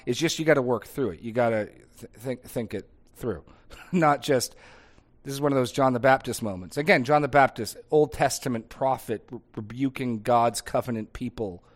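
A middle-aged man, a pastor, talking in a casual discussion, conversational and thinking aloud with frequent restarts and tag questions. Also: mid-range voice.

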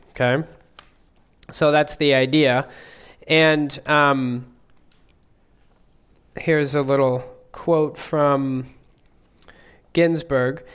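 A man leading a group Bible study, asking the class questions in a measured way. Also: mid-range voice, clear, resonant tone.

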